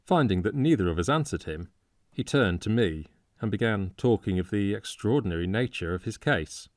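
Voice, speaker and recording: A male audiobook reader with a low voice narrates a classic novel in a measured, steady delivery. The sound is close and dry, with no room or echo around it.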